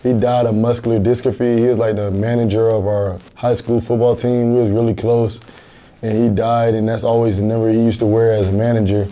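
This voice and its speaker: Earnest young man, flat dark voice. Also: lowish voice, a little fast. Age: young adult. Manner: earnest, plain-spoken, repeats words as he thinks. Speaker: college football linebacker. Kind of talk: TV interview answers.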